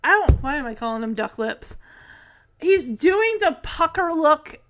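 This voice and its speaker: A woman's voice: high-pitched, sing-song, a little slow. A woman casually recapping a TV episode in a chatty way, with sarcastic asides.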